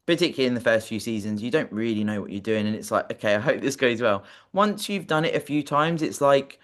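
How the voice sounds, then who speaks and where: Chatty podcast host. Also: male voice, medium pitch, fairly bright tone. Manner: chatty, swears casually, asks tumbling questions. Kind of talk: casual podcast chat.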